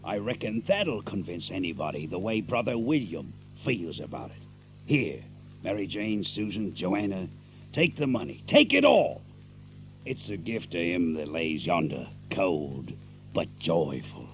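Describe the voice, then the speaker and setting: A man's voice: sits low, very animated, measured pace, a little hiss or hum, exaggerated voice. An actor playing an oily older conman who poses as a preacher, speaking in syrupy, pompous oratory with a rural Southern US dialect. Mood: pompous sermonizing. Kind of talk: radio play acting.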